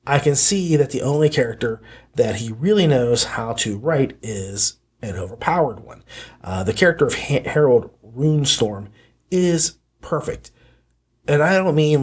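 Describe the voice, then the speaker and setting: A man's voice: on the high side, slightly rough. A man hosting a podcast, talking through an audiobook review in a rambling way and often correcting himself mid-sentence. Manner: rambling, with frequent self-corrections. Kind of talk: casual review monologue.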